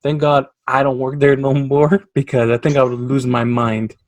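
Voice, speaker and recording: A man's voice: mid-range voice, normal speed, dry recording. A man from Canada co-hosting a podcast, telling work stories in casual chat and raising his voice when he quotes people. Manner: animated storyteller, raises voice for quoted lines. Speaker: podcast co-host.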